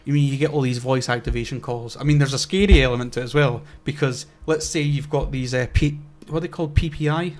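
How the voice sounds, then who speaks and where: A man's voice: medium pitch, steady tone, fast, hardly any pauses. Rambling man chatting on a podcast. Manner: rambling, many fillers and restarts. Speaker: podcast co-host. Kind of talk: casual chat.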